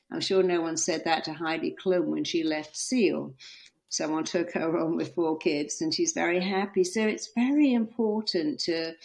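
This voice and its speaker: A middle-aged woman author, a guest on an interview podcast, telling stories with lively quoted voices. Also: fairly low pitch, creaky. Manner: animated storytelling, acting out quoted voices.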